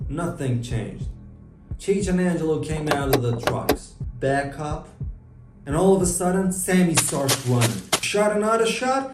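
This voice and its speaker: Guy narrating a gritty mob story in first person, kinda high voice, echoey and far from the mic. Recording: roomy distant mic with music.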